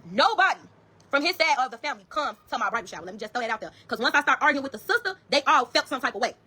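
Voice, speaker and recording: A woman's voice: high-pitched, rapid-fire, breathy edge. A woman with a Chicago accent telling a story to viewers, blunt and profane, acting out the dialogue. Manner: blunt, profane, animated retelling with quoted dialogue.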